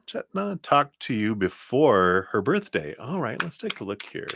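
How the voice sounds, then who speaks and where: A man from Colorado with a slight Southern drawl, reading tarot cards on a live stream in a chatty, rambling way with soft laughs and muttered asides. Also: lowish voice, sing-song, moderate pace, vocal fry, a little hiss or hum. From Colorado, USA. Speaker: tarot reader.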